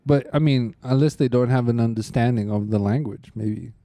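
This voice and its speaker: A man's voice: medium pitch, normal speed, mellow, dry recording. A man hosting a comedy podcast, telling crude rambling stories in casual chat. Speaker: podcast host.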